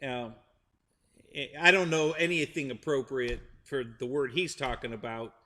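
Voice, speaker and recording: A man's voice: mid-range voice, steady tone, moderate pace, pushed and bright, long reverb tail. A middle-aged man hosting a live stream, rambling through a joke with restarts and chuckles while chatting with viewers. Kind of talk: casual chat with live chat viewers.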